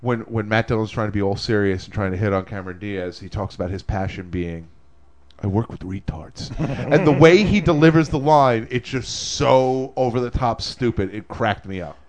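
A young man co-hosting a podcast, talking in a rambling, excitable way and laughing often. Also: fairly low pitch, normal speed, few pauses. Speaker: podcast co-host. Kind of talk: casual chat.

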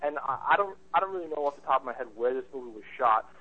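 A man co-hosting a casual movie chat show, enthusiastic and halting, often restarting his sentences. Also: mid-range voice, expressive, phone-quality sound. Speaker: podcast co-host, movie reviewer.

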